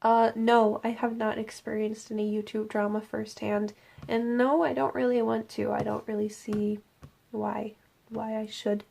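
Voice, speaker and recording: A young woman chatting through a casual Q&A vlog, fielding viewer questions from her room at night. Her voice sits a little high and has a gravelly fry, and she keeps things playful. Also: little pitch movement, unhurried, background noise. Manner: playful and jokey, slipping into silly voices. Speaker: YouTuber host.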